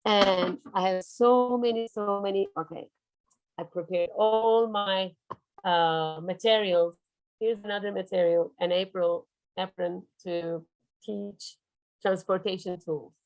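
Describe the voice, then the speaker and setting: A woman runs a teacher-training workshop over a video call, talking animatedly as she holds up her teaching materials. Her voice carries a gravelly fry. The sound is close and dry. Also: medium pitch, takes it slowly, no echo, poor audio. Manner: animated, demonstrative, shows props.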